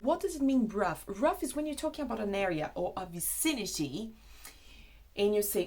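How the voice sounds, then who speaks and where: A young Brazilian woman whose first language is Portuguese, teaching British expressions in a chatty, animated video lesson. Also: mid-range voice, normal speed. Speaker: English teacher.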